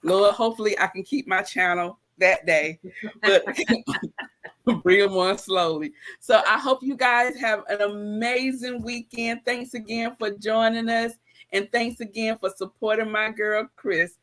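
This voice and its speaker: A woman's voice: medium pitch, fairly even intonation, measured pace, a bit bright. A woman hosting a casual live-stream chat over a video call, chatty and affectionate, laughing often. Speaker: host.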